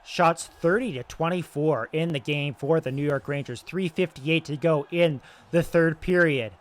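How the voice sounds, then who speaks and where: A young man doing excitable play-by-play commentary over a video game, moving between loud calls and quiet asides, his voice getting strained. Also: on the high side, a little slow. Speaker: gaming YouTuber doing play-by-play.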